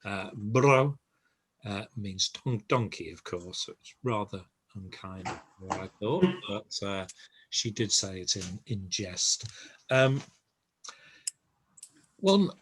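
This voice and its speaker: Slow, low-voiced older man teaching. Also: animated, husky. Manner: unhurried, reassuring, many ums and uhs. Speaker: Spanish teacher. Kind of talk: recorded language lesson.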